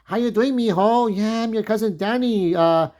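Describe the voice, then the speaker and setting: A man's voice: high-pitched, normal speed, darkish tone, voice pushed up, natural voice. A man voicing an eager, overfamiliar older male cousin who gushes greetings and repeats himself. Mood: friendly eager.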